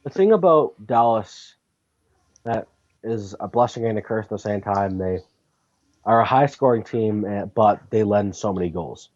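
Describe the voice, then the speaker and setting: Man, low voice, casual hockey chat, dull lo-fi sound. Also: moderate pace. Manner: thinks aloud with fillers and restarts, then gets animated. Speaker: podcast co-host. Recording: dull lo-fi audio.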